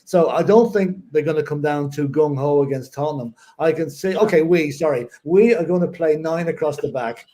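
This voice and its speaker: A man with a slightly raised voice talks football on a casual podcast. He is dry and jokey, but weighs his opinions in a measured way. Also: on the high side, mellow. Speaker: regular pundit.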